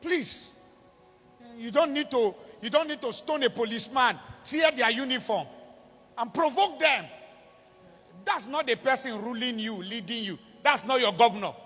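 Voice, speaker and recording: In a large, reverberant church hall with music playing, a Nigerian-accented man preaches at a moderate pace. His voice is extremely high and a bit bright as he pleads with passion, repeating phrases for emphasis.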